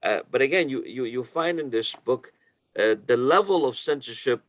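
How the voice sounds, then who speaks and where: A man speaking as a guest on a roundtable discussion over a video call, halting and searching for his words. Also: mid-range voice, lively intonation, no echo. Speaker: panel guest.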